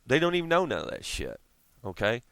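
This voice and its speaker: A man vents in a loose, profane rant to his viewers, laughing often as he rambles. His voice is smooth and clear, with a lively pitch that jumps around. The recording is dry and close, with no room sound. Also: fairly quick, no echo. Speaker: vlogger. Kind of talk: casual rant to camera.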